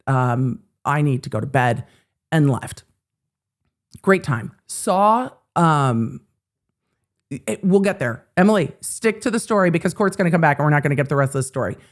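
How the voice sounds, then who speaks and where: A woman in her forties hosting a show, telling a story in casual chat, animated, swearing freely and acting out the quotes. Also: low voice. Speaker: host.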